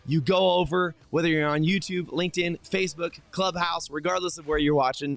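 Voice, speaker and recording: A man's voice: fairly high pitch, steady tone, brisk, vocal fry, few pauses. A man hosting a morning motivational livestream, talking straight to his viewers with energy and lots of fillers and restarts. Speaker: host.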